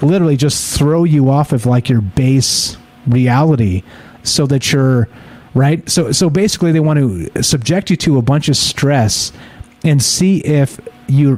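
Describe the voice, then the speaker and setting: A man's voice: mid-range voice, darkish tone. A man telling a story in casual talk-show chat, rambling and profane, full of restarts and fillers. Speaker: podcast co-host.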